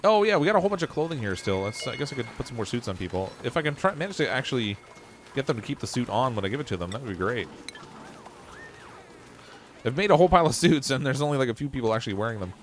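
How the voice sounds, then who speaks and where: Talking very fast in a sing-song, medium-pitched voice, this Canadian streamer narrates his game casually, thinking out loud while building and poking fun at how messy his builds are. A little hiss or hum runs under the audio.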